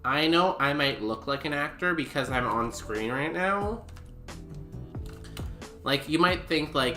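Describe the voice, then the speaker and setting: A man's voice: mid-range voice, lively intonation, measured pace, pauses often, bright, forceful tone. A man streaming a game, chatting casually with goofy, self-mocking humor. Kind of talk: casual gameplay commentary. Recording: roomy echo with music behind.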